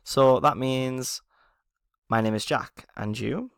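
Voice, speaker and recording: A man's voice: medium pitch, takes it slowly, creaky, clear, resonant tone, no echo, studio quality. A man teaching a beginner language lesson, explaining patiently, often checking in with "okay?" and chuckling at himself.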